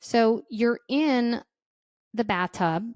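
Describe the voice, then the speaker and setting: A woman's voice: on the high side, lively intonation, extremely slow, darkish tone, dry recording. A woman hosting a parenting podcast, giving casual, conversational advice and often checking in with "right?". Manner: conversational, keeps asking "right?". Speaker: podcast host, parenting coach.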